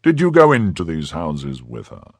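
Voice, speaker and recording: A man's voice: low-pitched, wildly swooping pitch, no echo, clean studio sound, heavily acted. A man doing a cold, calculating cardinal. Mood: probing. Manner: measured, probing, quietly commanding. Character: powerful older male cardinal, cold, calculating.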